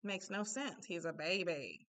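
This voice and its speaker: A woman's voice: on the low side, lively intonation, unhurried, bright, forceful tone. A young adult woman giving a casual, chatty self-help talk, candid and full of asides.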